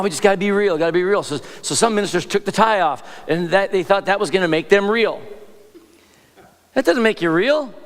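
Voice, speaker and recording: A man's voice: high voice, a bit bright. A man preaching as a pastor, talking in a loose, conversational way, often breaking off mid-sentence and turning to the congregation with asides. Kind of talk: sermon. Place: large church hall. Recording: long reverb of a church hall.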